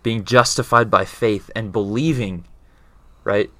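Male speaker with a fairly low voice, earnest and conversational, explains ideas and often pauses to check in with his listener. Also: steady tone, pushed and bright, dry recording. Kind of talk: casual explanatory talk.

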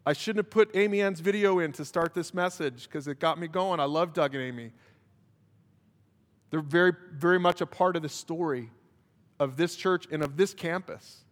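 A male pastor preaching a sermon while emotional, swinging between loud emphatic passages and hushed prayer. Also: a little high. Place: church. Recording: long church hall reverb.

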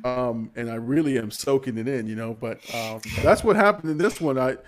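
A man's voice: medium pitch, fairly quick. A man in his forties hosting a casual livestream podcast, chatty and rambling, laughing often. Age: 40s. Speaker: podcast host.

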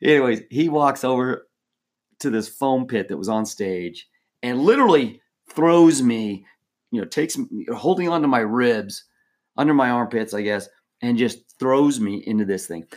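A man co-hosts a podcast and tells his story loosely, with plenty of fillers, restarts and quick bursts of laughter. His pitch sits in an ordinary middle range, and the delivery stays casual and lively throughout. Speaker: former team mascot, podcast co-host.

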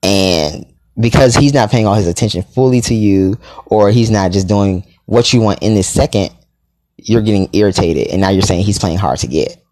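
A man telling a story in a casual, sassy and profane way, with dramatic asides and sudden jumps into a high voice. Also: normal speed, a little mellow.

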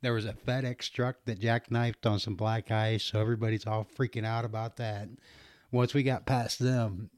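A man's voice: fairly low pitch, darkish tone, no echo. Man telling a trucking story, dry sound. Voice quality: laughs often, rambling with restarts. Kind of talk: casual storytelling.

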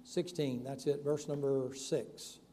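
A man's voice: medium pitch, fairly even intonation, slow, warm tone, big-room sound, a little hiss or hum. A man preaching a sermon, telling Bible stories in a folksy way and acting out their characters in casual voices. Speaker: pastor.

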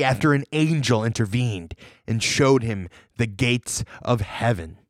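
A man co-hosting a podcast in casual chat, jokey and animated, laughing often. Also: medium pitch, unhurried, no echo, studio quality. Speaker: podcast co-host.

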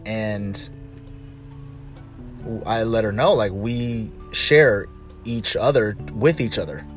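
A man's voice: fairly low pitch, slow, soft background music. A man speaking casually about relationships, telling stories and acting out what other people said. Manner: animated storytelling, mimicking others.

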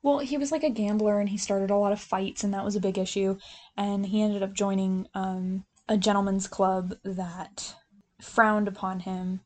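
On a podcast, a young female co-host talks through a TV show in a relaxed, lively way and laughs frequently. Her voice is medium in pitch and darkish in tone, with a moderate pace and fairly even intonation.

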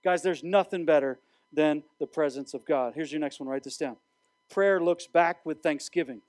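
A man preaching an animated sermon to students as their youth pastor, speaking straight to the room. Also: fairly high pitch, moderate pace, no room sound. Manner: animated preaching with direct address.

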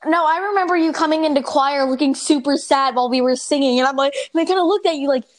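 A woman's voice: sits high, quick pace. A teenage girl chatting casually with friends, bantering playfully and defensively. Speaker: guest friend. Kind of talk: casual chat among friends.

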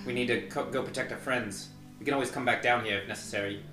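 A man's voice: mid-range voice, fairly even intonation, quick pace, echoey room, distant mic, music in the background. A man playing a tabletop game, laying out his character's plans decisively. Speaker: player.

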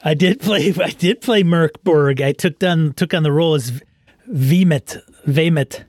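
A man hosting a podcast, talking in a relaxed, rambling way about tabletop games. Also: on the high side, normal speed, no echo, clean studio sound. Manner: rambling, relaxed, restarts often. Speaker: podcast host. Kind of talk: casual chat.

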